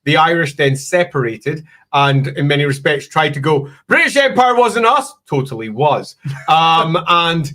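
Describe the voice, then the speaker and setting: A Scottish man co-hosting a live-stream chat, talking in a chatty way with frequent laughs and lively asides. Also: a little high, unhurried, few pauses. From Scotland. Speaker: podcast co-host.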